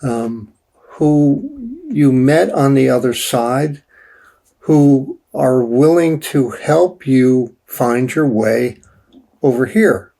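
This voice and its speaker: An older man telling his personal story as an interview guest, halting with many restarts and fillers. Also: medium pitch, expressive, gravelly, warm tone.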